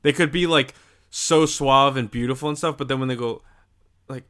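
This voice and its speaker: A man's voice: fairly high pitch, moderate pace, pushed and bright. A man co-hosting a podcast in casual chat, blunt and argumentative, laughing at his own jokes. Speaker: podcast co-host.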